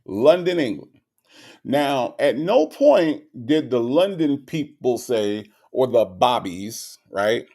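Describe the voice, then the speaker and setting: A man's voice: medium pitch, sing-song, slow, dark tone. Ranting man hosting a live stream. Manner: emphatic, repetitive, sarcastic ranting. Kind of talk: casual commentary to chat.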